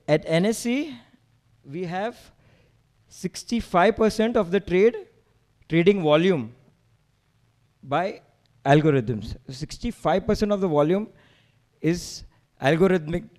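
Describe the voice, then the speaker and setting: Indian male presenter, a little higher-pitched than most, emphatic meetup talk. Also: darkish tone. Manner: emphatic, rallying, rhetorical questions. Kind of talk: slide presentation to a live audience.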